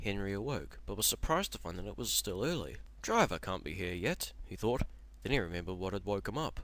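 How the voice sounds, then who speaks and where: A man narrating a comic cartoon parody in a storybook style. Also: fairly low pitch. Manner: lively, animated storytelling.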